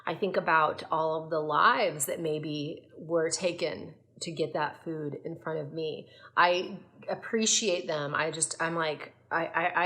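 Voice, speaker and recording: A woman's voice: sits low, a bit bright. A woman gut health coach talking to camera in a casual, earnest, reflective way, with frequent fillers and restarts.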